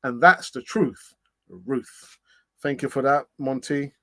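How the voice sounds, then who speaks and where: A man's voice: medium pitch, slow, fairly bright tone. A middle-aged man hosting a casual live stream, chatting and reading out comments, laughing often and thinking aloud with fillers. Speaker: host of a fan channel live stream.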